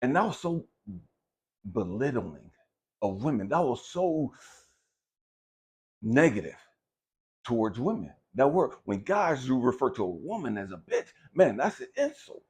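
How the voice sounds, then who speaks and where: A man giving an impassioned motivational talk, preachy and profane, swinging from low musing to loud outbursts. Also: sing-song, measured pace, pauses often, breathy edge. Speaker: motivational speaker.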